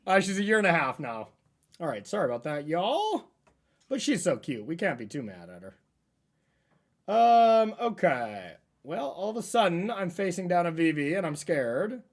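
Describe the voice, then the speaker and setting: Male streamer, easygoing running commentary on his own plays, lively pitch. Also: normal speed. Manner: thinks aloud about his plays, relaxed and chatty. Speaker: streamer playing a card game. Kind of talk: casual gameplay commentary.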